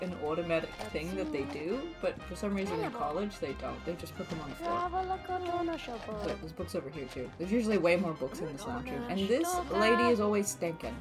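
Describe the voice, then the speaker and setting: Chatty young streamer with a mixed accent. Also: female voice, mid-range voice. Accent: mixed, American Boston-like with Australian traces. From Australia. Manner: chatty, rambling, laughs often. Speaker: gaming streamer. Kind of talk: casual live-stream commentary. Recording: game music behind the voice. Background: game music and keyboard typing.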